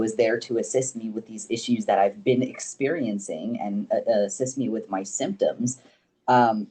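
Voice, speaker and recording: A young man, a podcast guest, telling stories in casual chat, animated and swearing freely. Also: medium pitch, breathy edge. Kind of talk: casual storytelling.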